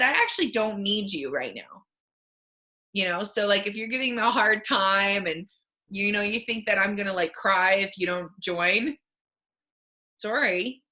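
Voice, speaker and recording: Bright-voiced woman coaching her team. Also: medium pitch. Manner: emotional, candid storytelling with many fillers. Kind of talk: motivational team call. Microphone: video call.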